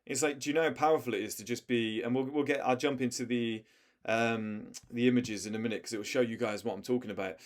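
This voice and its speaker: A man's voice: mid-range voice, fairly even intonation, quick pace. A young man talks straight to his viewers, giving life advice. His delivery is blunt and emphatic, loose and conversational, and he drops in slang and the odd swear word as he makes his points. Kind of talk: casual direct-to-camera advice talk.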